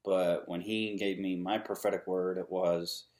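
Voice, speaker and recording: A man's voice: deep voice, little pitch movement, measured pace, a little mellow. A man vlogging a casual, earnest rant to camera, rambling with many ums and restarts, frustrated but upbeat.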